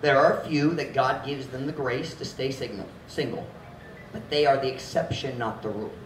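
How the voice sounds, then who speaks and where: A male pastor preaching a sermon, mixing in Visayan phrases, swinging between loud, forceful shouts and hushed, earnest passages. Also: mid-range voice, fairly even intonation, normal speed, a little hiss or hum. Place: church hall. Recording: echoey hall, mic at a distance.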